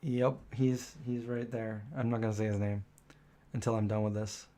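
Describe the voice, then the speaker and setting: A man's voice: on the low side, little pitch movement, normal speed, dark tone. A man hosting a live stream, chatting casually with viewers and correcting himself as he goes with plenty of ums. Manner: chatty, rambling, lots of um and self-correction.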